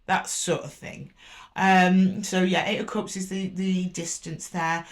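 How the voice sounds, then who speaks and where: A woman's voice: fairly low pitch, level tone, slow. A woman giving a casual tarot reading, thinking aloud, repeating card names as she draws them and correcting herself with fillers. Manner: chatty and reassuring with frequent fillers and self-corrections. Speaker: tarot reader.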